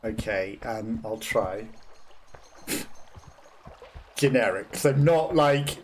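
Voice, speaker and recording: A woman's voice: extremely low pitch, animated, takes it slowly, noisy background. A Welsh woman streaming a game with casual, self-deprecating commentary and frequent laughter. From Wales. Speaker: let's play streamer.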